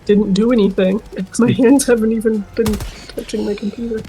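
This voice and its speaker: A woman's voice: a little high, fairly even intonation, normal speed, mellow, a little hiss or hum. Chatty woman on a voice call. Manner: chatty, rambling with fillers. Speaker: friend on voice chat. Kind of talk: casual chat. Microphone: computer mic on voice call.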